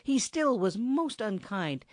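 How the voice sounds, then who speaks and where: A woman reading a children's storybook aloud in an expressive narrating style. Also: fairly high pitch, slow, no room sound, studio quality. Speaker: audiobook narrator.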